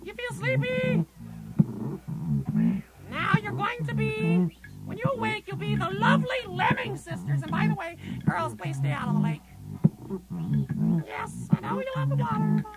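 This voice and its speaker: Performer doing a dotty old choir mistress: very high, slow and quavering, loud music behind. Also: wildly swooping pitch, gravelly, heavily acted. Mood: dotty, soothing. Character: dotty old lady choir mistress hypnotizing her chorus.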